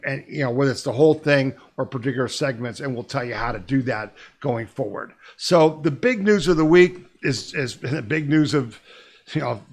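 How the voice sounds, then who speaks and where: A man hosting a weekly news podcast, talking emphatically and urgently and pressing listeners to act. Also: medium pitch. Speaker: podcast host.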